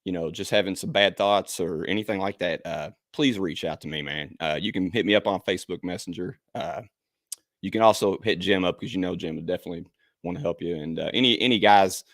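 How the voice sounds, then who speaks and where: Low guy hosting his podcast, lots of uhs, dry close sound. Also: a bit bright, dry recording. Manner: halting, many fillers, choked up. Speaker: podcast host. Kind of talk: casual podcast chat.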